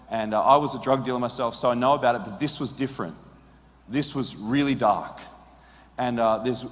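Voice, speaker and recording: A man preaching a sermon as a story, moving between hushed, quiet passages and loud, urgent peaks. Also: medium pitch. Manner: drops to hushed quiet in tender moments. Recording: long reverb of a large hall.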